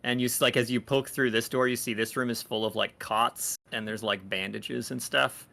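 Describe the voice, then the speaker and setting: A man's voice: medium pitch, steady tone, moderate pace, creaky, sharp tone. A man running a tabletop game as dungeon master, narrating scenes loosely with many fillers.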